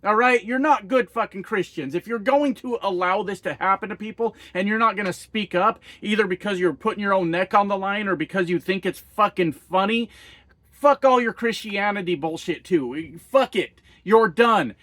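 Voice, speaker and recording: A fired-up American trucker rants straight into the camera, swearing freely and hammering rhetorical questions. His voice sits high for a man, and the sound is dry and close, with no room around it. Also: normal speed, fairly bright tone, dry recording. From United States. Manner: heated, profane, rhetorical questions. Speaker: trucker vlogger. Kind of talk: angry political rant to camera.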